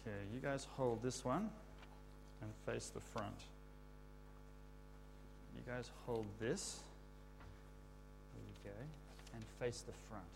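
A man giving a children's talk in church, explaining a word and leading the kids in call-and-response shouts. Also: medium pitch, slow pace, vocal fry, long pauses, noisy background. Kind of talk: children's sermon.

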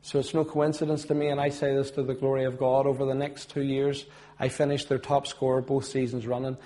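A middle-aged man with a Belfast accent tells his testimony as a sermon, earnest, swelling loud on points of faith and then dropping low and soft. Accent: Northern Irish, Belfast. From Northern Ireland. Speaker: former footballer giving testimony.

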